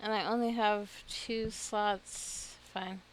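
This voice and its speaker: A woman's voice: medium pitch, fairly even intonation, slow pace, slight background noise. A woman giving casual commentary while playing a video game, muttering to herself and poking fun at herself for getting lost. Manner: self-deprecating, muttering to herself, nervous laughter. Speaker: gaming streamer.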